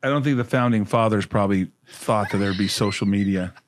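A man's voice: on the low side, brisk, a little hiss or hum. A man hosting a podcast interview, mostly giving short agreeing interjections and chatting casually. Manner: brief affirming interjections, chatty. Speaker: podcast host.

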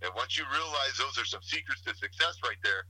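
A man's voice: medium pitch, lively intonation, brisk, sharp tone, breathy edge, no room sound, poor audio. A man giving a motivational talk as a podcast guest, preaching in rhythmic slogans and wordplay. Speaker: guest speaker.

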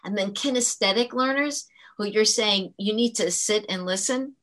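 A woman's voice: medium pitch, normal speed, a bit bright. A woman who works as a teacher, talking earnestly in an interview and explaining her points with frequent restarts. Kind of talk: conversational interview storytelling.

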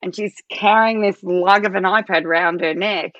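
A woman, mid-pitched, tells lively personal stories in a relaxed interview chat. She lifts her voice sharply higher to act out things she once said. The recording is dry, with slightly muffled highs. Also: normal speed, dry recording. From Australia. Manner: animated storytelling, acts out her own quoted lines in a much higher voice. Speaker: podcast guest.

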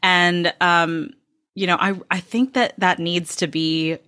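A woman's voice: lowish voice, steady tone, takes it slowly, sharp tone, no room sound, clean studio sound. A woman who is a nurse, hosting an interview and talking reflectively with many "um"s and "you know"s. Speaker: nurse, podcast host. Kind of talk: casual interview chat.

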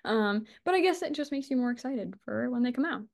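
A woman's voice: fairly high pitch, expressive, a little fast, creaky. Gushing chatty woman podcast host. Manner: gushing, chatty, swears and laughs often. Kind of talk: casual book chat.

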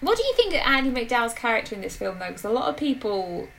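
A woman from Britain co-hosting a podcast in casual, animated chat. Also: a little high, fast talker, gravelly, a little hiss or hum, low-quality recording. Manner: chatty, animated, laughs easily. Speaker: podcast co-host.

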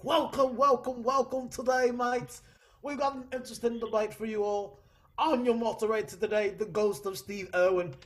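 A man's voice: very high-pitched, steady tone, moderate pace, pitched above the performer's own voice. A man putting on a hammy Australian ghost emcee. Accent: attempted Australian. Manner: showy game-show moderator patter. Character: ghost of a boisterous male Australian wildlife host. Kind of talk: comedic impression.

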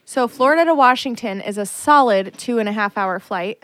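A woman's voice: a little high, brisk, a bit bright, dry recording. A young woman co-hosting a casual podcast, telling a long story in a chatty way full of fillers. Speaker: podcast co-host. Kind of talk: casual chat.

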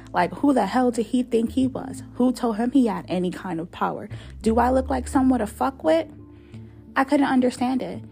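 A woman's voice: fairly high pitch, creaky, mellow. A woman narrating a fictional journal in a chatty, sassy, confiding way. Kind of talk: dramatic reading of a fictional journal.

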